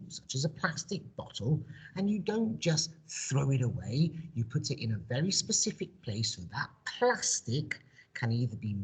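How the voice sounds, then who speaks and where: A primary school teacher, speaking in a very low register. Her voice rises and falls a lot as she encourages children and drills words call-and-response. Her tone is husky and breathy. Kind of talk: recorded home-learning language lesson.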